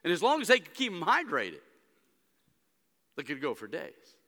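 Forceful man preaching in an echoing church. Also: a little high, wildly swooping pitch, normal speed. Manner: dramatic preaching, swinging between hushed and loud emphatic stretches. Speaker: pastor. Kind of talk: sermon. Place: church sanctuary. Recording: long hall reverb.

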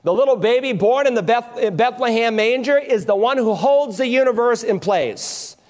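A man's voice: extremely high pitch, lively intonation, normal speed, darkish tone. A man preaching a sermon from a church pulpit, emphatic and building his points in threes and with rhetorical questions. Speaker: pastor.

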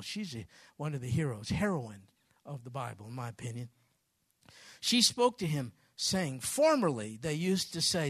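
Animated storytelling man preaching. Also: on the high side, no echo, studio quality. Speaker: pastor. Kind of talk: sermon.

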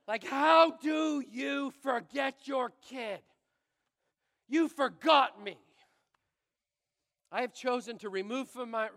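A man from Canada, a pastor, giving a sermon through animated, exaggerated storytelling. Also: high-pitched, big-room sound. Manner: animated, exaggerated storytelling that turns quiet and earnest.

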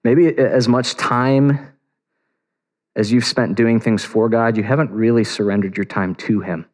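A man's voice: medium pitch, unhurried. Man preaching in a reverberant hall. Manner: conversational, animated storytelling with frequent restarts. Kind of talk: sermon. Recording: long reverb of a large hall.

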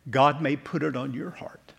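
A male pastor preaching earnestly in a church. His voice is gravelly and husky, with a middle pitch. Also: steady tone, moderate pace. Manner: earnest preaching, ending in soft prayer. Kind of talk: sermon.

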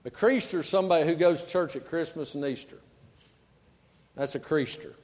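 A man preaching a sermon in a church, folksy and conversational, swinging between quiet asides and loud emphasis. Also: on the high side, brisk, in a large hall. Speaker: pastor. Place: church sanctuary.

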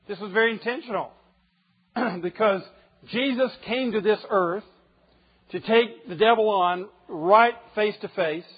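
Male preacher, sermon, high voice, husky, emphatic rhetorical questions, dull lo-fi recording.

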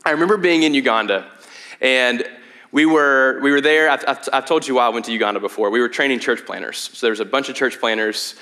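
A young man gives a sermon in a loose, conversational way, stumbling over restarts and fillers as he goes. His voice is bright and forward, at an ordinary middle pitch for a man. He drops to a hushed tone in prayer and becomes animated when he tells stories. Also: brisk. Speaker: pastor.

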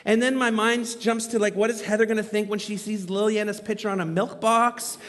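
A man in his thirties telling a story in a sermon as a pastor, animated and poking fun at himself. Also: sits high, fairly quick. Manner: animated, self-mocking humor. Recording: long reverb from a large hall.

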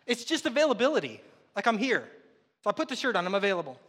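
A man's voice: high-pitched, sing-song, fast talker, a bit bright, big-room sound. A man preaching a sermon as pastor, telling stories in a conversational, self-deprecating way. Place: church sanctuary.

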